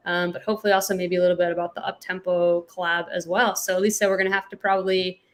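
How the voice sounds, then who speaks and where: A woman from California co-hosting a stream over a video call, playful and quick to laugh. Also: fairly low pitch, flat delivery. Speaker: co-host. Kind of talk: casual live-stream chat.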